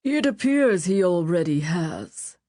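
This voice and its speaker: Audiobook reader as a courteous older male cleric, formal and measured. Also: fairly low pitch, sing-song, mellow, no echo, clean studio sound, full character voice. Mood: gracious. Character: older male church deaconius, gracious and formal.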